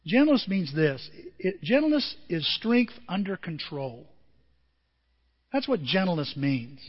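A man preaching a sermon as pastor, talking in a conversational, animated way with acted-out quotes. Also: high voice, breathy edge. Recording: dull lo-fi with long reverb.

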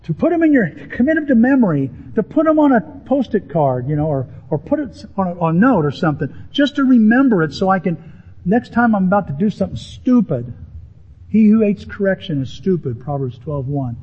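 Man, pastor, animated sermon, slightly husky, muffled lo-fi audio. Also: fairly quick. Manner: animated, emphatic preaching with rising pitch on key words. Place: church sanctuary with a congregation.

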